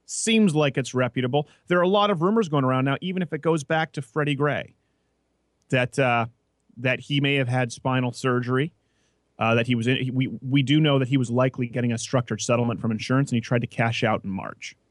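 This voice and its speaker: A man hosting a casual political talk show, brash and mocking, talking fast. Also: medium pitch, dry recording, studio quality. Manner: brash, quick, mocking, with put-on voices. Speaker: podcast host.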